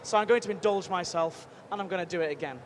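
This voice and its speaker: A man hosting a live stream from a busy convention booth, chatty and energetic, rambling with quick restarts. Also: high-pitched. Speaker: livestream host at a game convention booth. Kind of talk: upbeat live event hosting. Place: busy convention show floor. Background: faint crowd noise.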